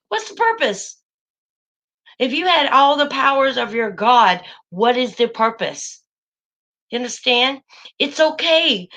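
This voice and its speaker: A woman's voice: fairly high pitch, fairly bright tone. A woman hosting a casual livestream, talking emphatically and a bit preachily to her viewers, calling them y'all. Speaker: channel host.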